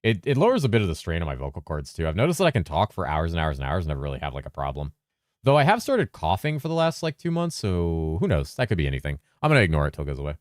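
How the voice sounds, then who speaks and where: A man with a very deep voice, chatting casually on a game stream, reading messages from chat aloud and answering them with casual swearing. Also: dry recording, studio quality. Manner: lively presenter inflection at times, drops into a flatter low voice at other times; talks fast to keep up with chat.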